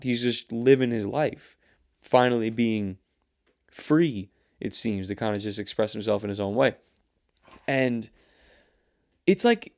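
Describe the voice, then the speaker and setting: A young male host talks off the cuff, rambling and swearing as he rants about whatever is on his mind. His voice is gravelly with fry, set at a middle pitch. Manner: rambling, profane, animated ranting. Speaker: show host. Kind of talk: casual solo commentary.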